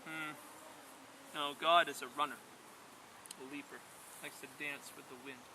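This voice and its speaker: A man's voice: a little high, steady tone, measured pace, background noise, lightly acted. A man reading a playful leaping antelope. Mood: musing.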